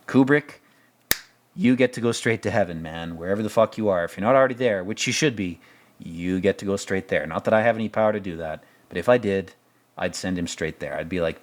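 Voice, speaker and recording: A man's voice: on the low side, expressive, brisk. A man giving casual film commentary as host, rambling, jokey and profane.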